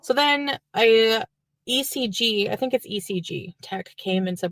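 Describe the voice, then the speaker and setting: A woman's voice: on the high side, measured pace, a bit bright, no room sound. A woman from French Canada telling a long, rambling personal story in a chatty vlog style.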